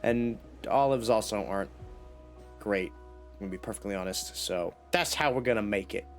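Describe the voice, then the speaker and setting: A man's voice: on the low side, normal speed, faint music behind. A man streaming a game live, chatting playfully to himself and his viewers with a slight cough. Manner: chatty, playful self-talk. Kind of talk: casual live gameplay chat.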